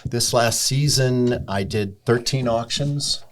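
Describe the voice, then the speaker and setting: A middle-aged man from Sarasota, a restaurant owner and podcast guest, telling stories in a relaxed, casual way with frequent ums. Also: mid-range voice, slow. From Sarasota, Florida. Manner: relaxed storyteller, many ums. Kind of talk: casual interview chat.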